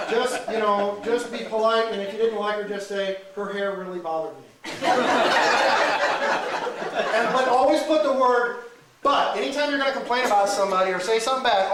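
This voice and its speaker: A male comedian doing crowd work, teasing audience members with animated banter at a live show. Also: sits high, normal speed, long pauses, noisy background. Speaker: stand-up comedian. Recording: echoey room, mic far, loud crowd.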